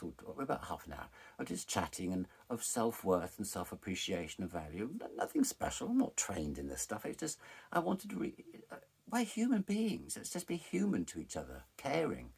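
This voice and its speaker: Deep husky man, frank storyteller. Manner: frank, candid, animated retelling. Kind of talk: personal storytelling.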